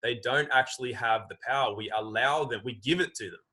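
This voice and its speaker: A man's voice: medium pitch, a little fast, slightly rough, rough recording. A man guest talking emphatically on a video call, arguing his point at length. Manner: emphatic, animated, acts out quoted voices. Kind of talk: casual conversation.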